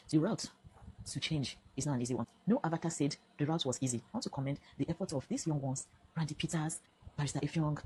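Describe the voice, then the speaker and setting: A middle-aged Nigerian woman speaks in a Nigerian accent, very low-pitched and rushing. Her words pour out fast and pleading as she addresses her followers directly. Her tone is dark and mellow. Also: a little hiss or hum, low-quality recording. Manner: impassioned, pleading storytelling. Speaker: social media vlogger. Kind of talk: direct-to-camera personal statement.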